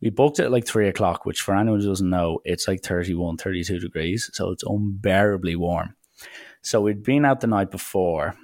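A young man tells a holiday story in a chatty, animated way and acts out what people said. His voice sits low. The sound is dry and close to the mic. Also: normal speed, no room sound. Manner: chatty, animated anecdotes with acted quotes. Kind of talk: casual storytelling.

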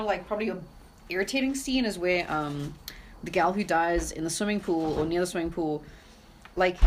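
A woman co-hosting a casual film chat, talking freely with laughter and swearing. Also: lowish voice. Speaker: podcast co-host. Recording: noisy home recording.

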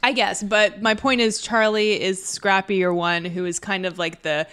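A woman's voice: mid-range voice, steady tone, a little slow, fairly bright tone, clean tone. A woman co-hosting a casual movie podcast, talking with enthusiasm and lots of fillers. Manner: chatty, enthusiastic, many "like" fillers. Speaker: podcast co-host.

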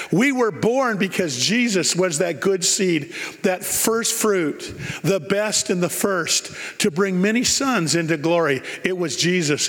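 A man's voice: a little high, a bit bright, big-room sound. A man preaching a sermon, emphatic and repeating key phrases for effect.

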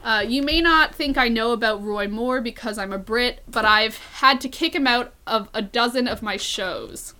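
A young woman co-hosting a casual chat podcast, talking fast and loose with lots of fillers. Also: on the high side, pushed and bright. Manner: chatty, filler-heavy, lots of "like". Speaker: podcast co-host.

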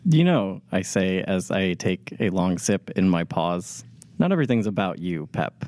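A man's voice: low-pitched, normal speed, darkish tone, no echo. A man playing a tabletop role-playing game, wry and playful in character. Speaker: player.

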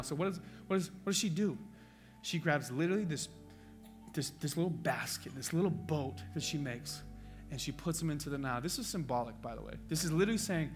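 A man preaching a sermon with passion, moving between hushed, quiet passages and loud, urgent peaks. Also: on the high side, brisk, faint music behind. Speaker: pastor.

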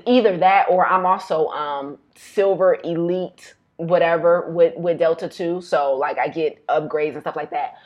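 Animated woman telling a story. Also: lowish voice, unhurried, hardly any pauses, highs cut off. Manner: animated storyteller, says y'all, laughs often. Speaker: health educator and vlogger. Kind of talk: casual storytelling to camera.

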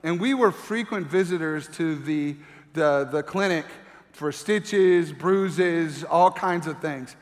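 Middle-aged male pastor, high voice, lively storytelling sermon, echoing hall. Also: slow. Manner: animated storyteller, acts out voices. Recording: long reverb of a large hall.

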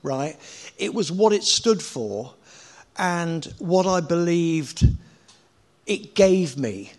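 A man's voice: fairly high pitch, big pitch swings, slow pace. A middle-aged man in a casual interview, telling rambling anecdotes with swearing and laughter. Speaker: guest.

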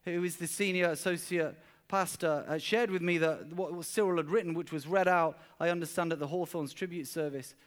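A man's voice: a little high, fairly even intonation, a little fast. A man preaching a sermon at a church service, telling stories earnestly and often repeating words as he goes. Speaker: pastor.

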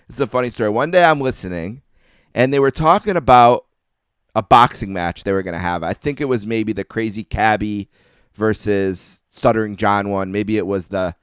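A man's voice: lowish voice, smooth, no room sound, studio quality. A man hosting a podcast interview, talking casually in long rambling, self-interrupting questions. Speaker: podcast host.

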